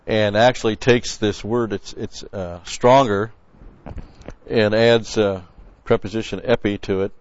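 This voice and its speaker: A Bible teacher with a lowish, steady voice delivers verse-by-verse sermon teaching at an unhurried pace, repeating key words for emphasis and explaining the original text's grammar. The recording is dull, dry, and lo-fi.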